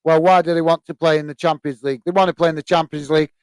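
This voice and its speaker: A man's voice: a little high, steady tone, smooth, no echo. A man with a British accent hosting a football live stream, reading out viewer comments and welcoming people with lots of "uh" fillers and "mate". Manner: halting, many "uh" fillers, calls viewers "mate". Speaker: football channel host reading live chat. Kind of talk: casual live stream chat.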